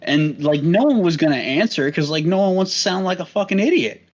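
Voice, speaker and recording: A man's voice: on the high side, brisk. Young man telling crude stories, muffled. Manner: crude, storytelling, swears often. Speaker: podcast co-host. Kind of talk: casual chat. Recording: muffled lo-fi mic.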